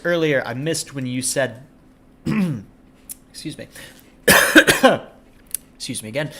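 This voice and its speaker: A man live-streaming a game from his home computer desk, chatting casually with viewers and cooing softly at his cat. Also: mid-range voice. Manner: chatty, talks to his cat in a soft doting voice.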